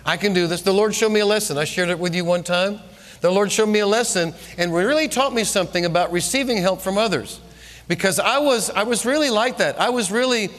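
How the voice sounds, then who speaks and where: High-voiced preacher in a reverberant hall. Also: male voice. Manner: animated storytelling, repeats phrases for emphasis. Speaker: pastor. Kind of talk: sermon. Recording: long reverb of a large room.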